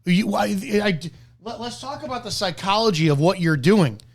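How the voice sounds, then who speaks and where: Blunt, ranting man with a higher voice. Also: animated, moderate pace. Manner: blunt, combative, profane ranting. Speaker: network marketing commentator. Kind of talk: reaction commentary.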